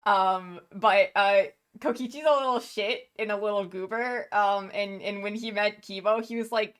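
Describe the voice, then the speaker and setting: Woman streamer just chatting, gushes over stuff, stumbles and restarts a lot, laughs easy. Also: medium pitch. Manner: gushing, rambling, quick to laugh, frequent restarts. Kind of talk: casual live-stream chat.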